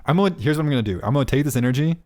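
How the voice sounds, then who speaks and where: A man's voice: medium pitch, animated, racing, darkish tone. A young man co-hosting a podcast, bantering casually and joking around. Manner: joking, playful. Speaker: podcast co-host.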